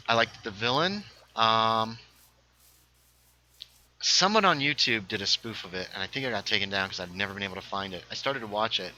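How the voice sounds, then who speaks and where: A man's voice: mid-range voice, sharp tone, rough recording. A young man hosting a game livestream, chatting casually and telling rambling stories that interrupt themselves. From North Carolina. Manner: rambling, self-interrupting storyteller. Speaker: livestream host. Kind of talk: casual chat while gaming.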